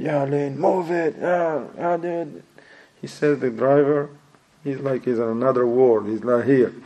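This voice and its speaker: A man giving an informal sermon, telling a story in an animated way, acting out the people in it and mixing in phrases. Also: medium pitch, low-quality recording. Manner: animated storyteller, acts out quotes, sprinkles Arabic phrases. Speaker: Islamic preacher.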